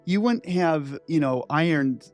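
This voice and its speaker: With soft music in the background, an inventor in his sixties speaks a little slowly in a slightly high, expressive voice. His interview storytelling rambles and digresses, studded with "like" and "right?"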